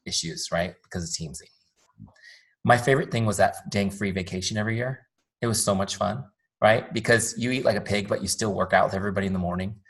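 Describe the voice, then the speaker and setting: A middle-aged man giving a live sales training, chatty and animated, telling stories with jokey asides to a group. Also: fairly low pitch. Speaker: trainer and company founder.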